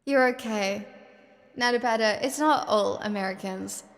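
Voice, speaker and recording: A woman's voice: medium pitch, measured pace, big-room sound. An Australian woman chatting on a live stream, swearing freely and firing off exasperated questions. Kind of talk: casual live-stream chat.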